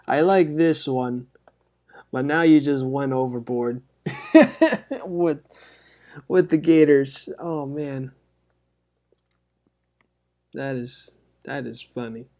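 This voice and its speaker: Unhurried man, mellow voice, rambling playful self-talk while drawing. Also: medium pitch, steady tone. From South Florida. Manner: goofy, rambling self-talk with sound effects. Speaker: artist coloring on stream. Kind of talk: casual chat while drawing.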